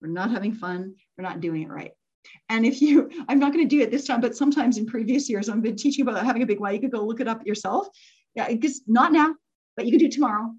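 A middle-aged woman speaks to a group in a high, slightly breathy voice. She tells stories in a chatty, animated way and laughs often between her points. The recording is dull and lo-fi. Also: fast. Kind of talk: motivational storytelling talk.

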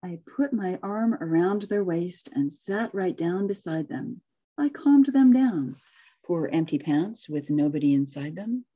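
Husky-voiced woman reading a story aloud. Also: fairly low pitch, highs cut off. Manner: expressive storytelling, laughs often, quick when chatting. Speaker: workshop facilitator. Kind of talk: reading a rhyming story aloud, then leading group discussion.

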